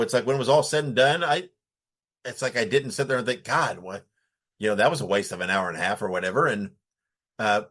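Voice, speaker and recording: A man co-hosting a podcast, talking casually in halting stretches full of fillers. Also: medium pitch, a bit bright. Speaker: podcast co-host.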